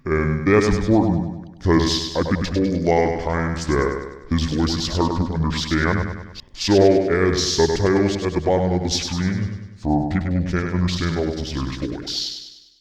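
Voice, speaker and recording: A man voicing a deep male puppet character, pitched down with added echo, enunciating every word slowly. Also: steady tone, soft background music. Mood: earnest. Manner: slow, carefully enunciated.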